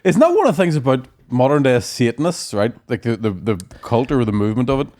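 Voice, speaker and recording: Joking man, mid-pitched voice. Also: very animated, a little mellow. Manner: sweary, joking, quick asides. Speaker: podcast guest. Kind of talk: casual banter.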